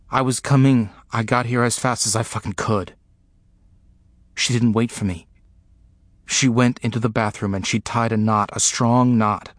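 Slow, grave man reading a memoir. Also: mid-range voice, no room sound. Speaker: narrator. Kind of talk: first-person memoir reading.

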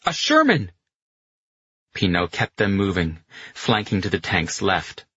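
A man narrates a novel in a steady, measured way. His voice is very deep and husky, with a forceful edge. The recording is dry and slightly muffled. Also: no room sound. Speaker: audiobook narrator. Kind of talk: scripted narration of a war novel.

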